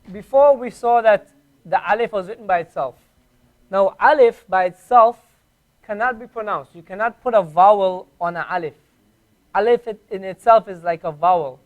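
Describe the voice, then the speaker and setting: A man teaching a classroom language lesson, patiently drilling letter sounds and repeating each one clearly. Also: sits high. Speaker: Arabic teacher.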